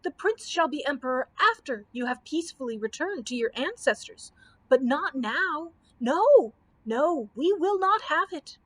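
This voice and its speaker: A woman doing a crowd of subjects, shrill, loud, begging, storybook chorus. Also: lively intonation, measured pace, no echo. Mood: pleading. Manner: shrieking, pleading. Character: shrieking crowd of loyal subjects.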